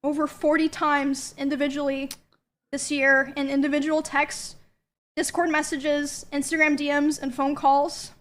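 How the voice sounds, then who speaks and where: A woman reading a prepared personal statement in a measured, hesitant way. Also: high-pitched, flat delivery.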